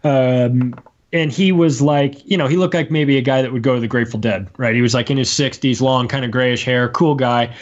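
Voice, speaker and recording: A man telling a story as a guest on a casual live talk show. He is animated and acts out the voices he quotes. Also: mid-range voice, a little fast. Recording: muffled lo-fi stream audio.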